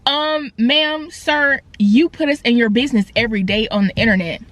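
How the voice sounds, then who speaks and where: A young woman vlogger telling a casual storytime rant, animated and slangy, with quick asides and swings between loud and quiet. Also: fairly high pitch, no room sound. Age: young adult. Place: indoors, in her car. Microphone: phone camera.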